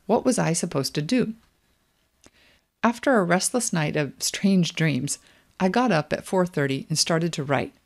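A middle-aged woman reading her own memoir aloud, quiet and introspective in a measured way. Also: on the low side. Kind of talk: reflective memoir narration.

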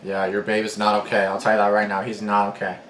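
A man's voice: on the low side, monotone, quick pace, fairly bright tone. A man hosting a reaction video, commenting casually with swearing and slang. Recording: echoey room with background noise.

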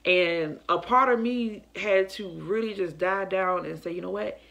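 A woman's voice: mid-range voice, measured pace, gravelly, a bit bright, muffled recording. A young woman telling viewers about a dream in a casual, earnest and emotional way, calling them y'all. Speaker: faith vlogger. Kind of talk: casual testimony to camera.

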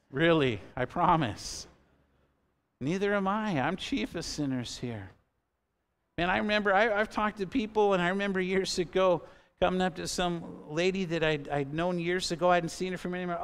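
A man's voice: sits high, lively intonation, moderate pace. A man in his fifties preaching a sermon as pastor in a church, earnest and conversational, with asides to the congregation. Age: 50s. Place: church sanctuary.

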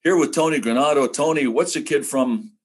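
An older man, a retired broadcaster, telling animated stories as a podcast guest and acting out other people's lines. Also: medium pitch, fairly quick, breathy edge. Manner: animated, acts out quoted voices. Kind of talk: casual podcast storytelling.

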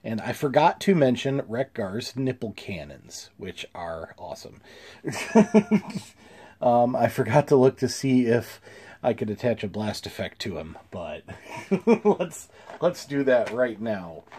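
A man's voice: mid-range voice, very animated, slow pace, dark tone, slightly rough. A man casually reviewing toys, easygoing with many fillers and small chuckles, a little congested. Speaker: toy reviewer.

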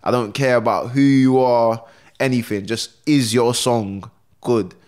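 A man with a South London accent chatting as a guest, relaxed and slangy, often tagging his sentences and acting out what others said. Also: mid-range voice, measured pace. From Croydon, London. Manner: slangy, relaxed, full of tags and acted quotes. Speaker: rapper guest. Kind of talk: casual interview chat.

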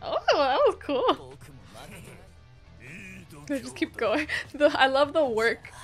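A woman hosting an anime reaction video, chatting casually and breaking into gasps, laughs and loud exclamations. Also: sits high, takes it slowly, faint music behind. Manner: excitable, gasping, laughing and exclaiming often. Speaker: anime reaction channel host.

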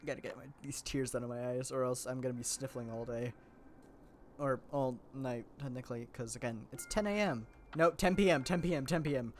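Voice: mid-range voice, fairly quick, a little hiss or hum. A gameplay commentator chatting casually and playfully to viewers, rambling, giggling often and joking about themself.

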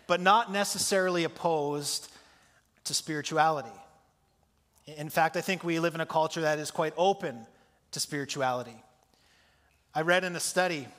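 A man's voice: fairly high pitch, fairly bright tone. A male pastor preaching a sermon in a conversational way, putting questions to his congregation. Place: church sanctuary. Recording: long church hall reverb.

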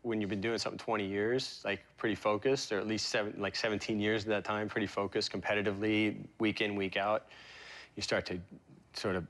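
A man with a fairly low voice recalls his past as an interview guest. He talks in a halting, emotional way, stopping and restarting often with fillers. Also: little pitch movement, a bit bright. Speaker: interview guest, pro surfer. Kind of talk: reflective interview storytelling.

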